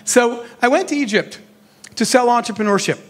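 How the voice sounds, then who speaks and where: A middle-aged man giving a motivational keynote talk, an animated storyteller who acts out the dialogue in his anecdotes. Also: extremely high pitch, normal speed. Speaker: keynote speaker on entrepreneurship.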